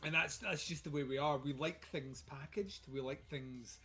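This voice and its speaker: Rambling Scottish man, fairly high voice. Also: moderate pace, pushed and bright, breathy edge, soft background music. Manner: rambling, wry, lots of fillers. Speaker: podcast co-host. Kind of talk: casual chat.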